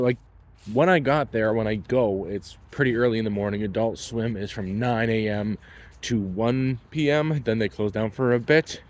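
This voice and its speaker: A man's voice: fairly low pitch, darkish tone, a little hiss or hum. A man in his thirties telling a personal story in a blunt, wry, casual way. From Canada. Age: 30s.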